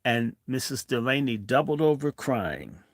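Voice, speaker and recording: A man's voice: medium pitch, sing-song, measured pace, no echo, clean studio sound. A man in his sixties telling a childhood story in a blunt, provocative way, swinging from the tale into profane rants. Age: 60s. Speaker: host.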